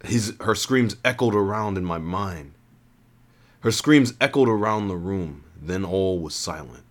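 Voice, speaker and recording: A man's voice: sits low, unhurried. A man reading a first-person story in an earnest voice, often stopping to restart and reread lines.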